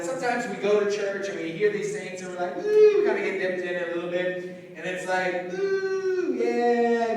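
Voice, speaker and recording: A man preaching an energetic object-lesson sermon to young people as a youth pastor, calling out questions to the audience. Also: high voice. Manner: energetic, call-and-response with audience. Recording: echoey hall, mic from a distance.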